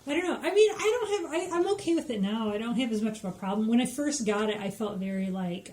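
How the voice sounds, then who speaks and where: A woman co-hosting a podcast, soft-spoken, answering with short agreements. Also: a little high, animated, fast, few pauses. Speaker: podcast co-host. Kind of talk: casual chat. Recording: roomy echo.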